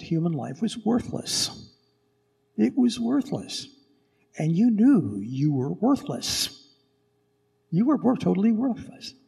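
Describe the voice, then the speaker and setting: Gravelly priest preaching in a big church. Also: male voice, high voice. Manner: animated, dramatic, storytelling. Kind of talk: Christmas Eve homily. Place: large church. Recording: echoey church with long reverb.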